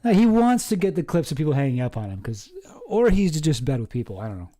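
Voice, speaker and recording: Male reaction host, mellow, slightly high voice, loose and wisecracking, swears casually. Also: sing-song, fast. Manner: laid-back, wisecracking, swears freely.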